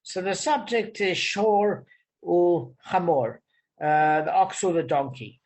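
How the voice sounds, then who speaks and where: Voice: medium pitch, slow, a little mellow, poor audio. Give me a study leader explaining a text casually, with plenty of fillers. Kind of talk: casual teaching.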